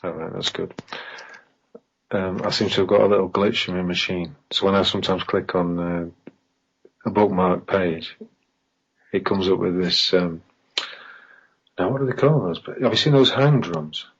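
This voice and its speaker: A low, husky male voice carries this casual podcast chat, heard over a dull, lo-fi online connection. He rambles in a conspiratorial way and pushes his points with emphatic rhetorical questions. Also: fairly even intonation, normal speed, long pauses. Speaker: podcast guest. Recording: dull lo-fi online call audio.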